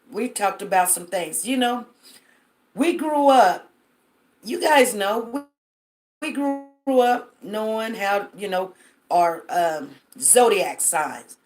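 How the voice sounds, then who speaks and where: A woman hosting a casual live stream on her phone, chatting to viewers and telling stories with lots of fillers. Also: medium pitch. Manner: chatty, storytelling, addresses viewers directly, many fillers.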